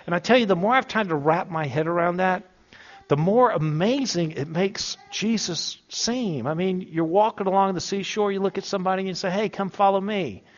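A man preaching with a casual, joking delivery, his voice sitting a bit high. He leans on key words and draws them out slowly. The recording sounds dull and lo-fi. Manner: conversational and humorous, with emphatic slow stresses. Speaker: pastor. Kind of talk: sermon.

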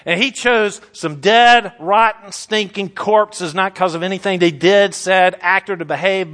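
A man's voice: high-pitched, fairly bright tone. A man preaching a sermon, fiery and emphatic, stretching out his stressed words.

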